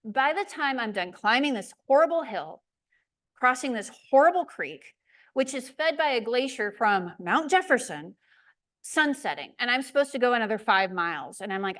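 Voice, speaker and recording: A woman giving a community presentation, telling a lively, self-deprecating hiking story. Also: fairly high pitch, moderate pace. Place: lecture room.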